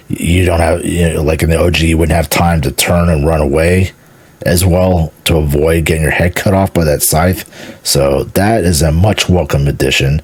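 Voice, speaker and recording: A man's voice: rumbling low, slightly rough, dry recording. A man from Houston, Texas, a gaming streamer, gives a casual, enthusiastic reaction to a game trailer, rambling, repeating words and swearing casually.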